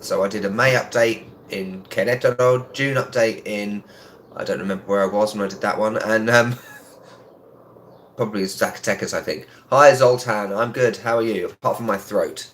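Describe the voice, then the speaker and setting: A man with a sore throat hosts a casual live stream from a room at home. His voice sits fairly low, and he keeps it quiet and chatty, greeting viewers between frequent ums. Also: slight background noise. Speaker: travel vlogger hosting a live stream. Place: indoors in a home.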